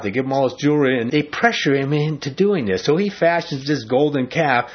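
Husky man teaching the Bible. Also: mid-range voice, a little fast, dull audio. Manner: animated, conversational, acts out quotes. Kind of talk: casual Bible study teaching.

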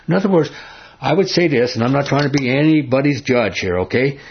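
A man's voice: medium pitch, expressive, fairly quick, vocal fry, slightly rough. A man leading a Bible study, reading verses aloud and explaining them in an emphatic, conversational way, often asking his listeners questions. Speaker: Bible teacher. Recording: dull lo-fi recording.

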